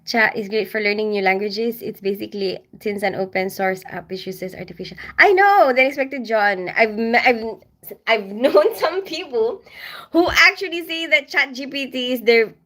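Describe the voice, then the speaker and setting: A middle-aged Filipina woman hosts a casual livestream from home in a slightly high, a bit bright voice at a moderate pace. She reads comments, greets viewers by name, and laughs frequently.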